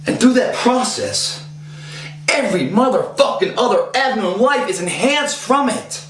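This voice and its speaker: A man in his thirties with a fairly high voice delivers a rambling, profane fitness pep talk. He gets intense and his voice climbs when he is fired up. The sound is roomy and echoey, with a faint hum behind him. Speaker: fitness motivator. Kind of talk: casual motivational talk.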